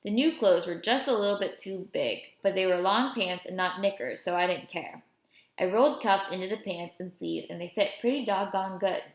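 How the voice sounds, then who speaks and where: A woman reading a children's novel aloud in a first-person storytelling voice. Her pitch sits in the middle range for a woman. The recording has a noticeable roomy echo. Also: normal speed. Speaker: audiobook reader.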